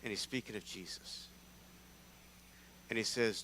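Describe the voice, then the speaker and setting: A man from North Carolina, preaching a conversational sermon in a church, lively and prone to restarting his sentences. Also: fairly low pitch, measured pace, pauses often, a little hiss or hum. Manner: animated, conversational, with repeated restarts.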